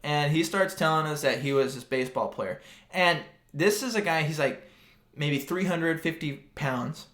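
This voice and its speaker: A young man with a slightly high voice tells a long, rambling story in casual podcast chat. He leans on "like" and "dude" as he goes. The room around him is echoey. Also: normal speed, a bit bright. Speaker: podcast co-host.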